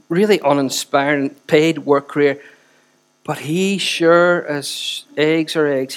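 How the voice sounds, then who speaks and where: A man, preaching a sermon with chatty asides and repeated phrases for emphasis. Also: a little high. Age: 40s. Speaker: pastor.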